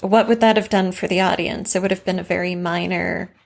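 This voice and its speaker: Woman co-host, fry in the voice, casual and reflective. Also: lowish voice, steady tone, brisk. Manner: conversational, reflective, warm affirmations. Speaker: writing podcast co-host. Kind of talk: casual craft discussion.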